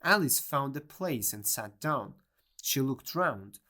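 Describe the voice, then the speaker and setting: A narrator reading a children's storybook audiobook in a plain, measured way. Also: mid-range voice, lively intonation, pushed and bright.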